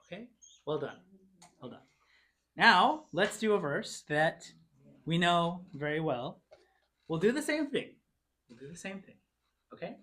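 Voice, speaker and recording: Lively, encouraging man teaching a class. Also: sits high. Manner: encouraging, sounds out words slowly. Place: church classroom.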